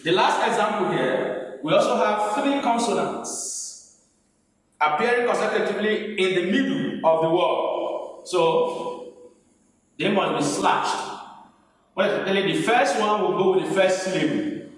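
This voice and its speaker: A pastor teaching a lesson step by step, sounding out syllables one at a time, repeating them and half-singing them. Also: male voice, high voice, a little slow, pauses often. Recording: very echoey hall, mic far off.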